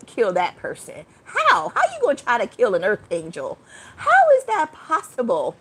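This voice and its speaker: A young woman chats casually to her viewers on a livestream, rambling from one thought to the next at a middle pitch. A faint hum of background sound sits under her voice. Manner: chatty, rambling, greets viewers by name with sudden high exclamations. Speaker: livestream host.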